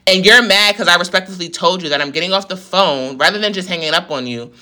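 Telling viewers a story, a fired-up woman from New York vents in a heated, profane rant. She talks fast in a lowish voice that sounds pushed and bright.

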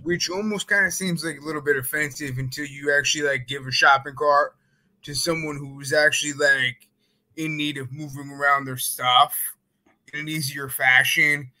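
A man with a very bright, forward voice chats casually. He hedges and fills his sentences with "like" and "I mean". His delivery is loose and conversational. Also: a little high, fairly even intonation, moderate pace, rough recording. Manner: chatty, hedging, many fillers. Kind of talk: casual chat.

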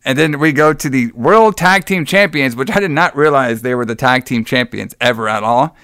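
A man's voice: medium pitch, moderate pace, a bit bright, smooth, no echo, studio quality. A man hosting a podcast, retelling a show in a rambling, laughing, swearing chat. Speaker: podcast host.

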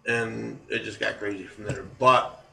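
A man in his forties hosting a podcast, telling stories in a casual, animated way and laughing along, recorded in a roomy space from a distant mic. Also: on the low side, a little slow, creaky. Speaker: podcast host. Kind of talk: casual storytelling.

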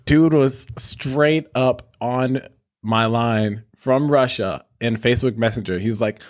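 A man hosting a podcast in casual chat, animated and joking, swearing freely. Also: mid-range voice, takes it slowly. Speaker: podcast host.

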